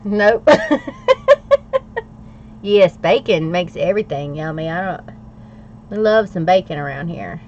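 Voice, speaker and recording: A woman's voice: lowish voice, normal speed, darkish tone. A middle-aged woman hosts a casual livestream, chatting and answering viewers' comments. She is playful and laughs often. The audio is a little dull and lo-fi, with faint noise underneath. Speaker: livestream host. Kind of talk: casual livestream chat while journaling.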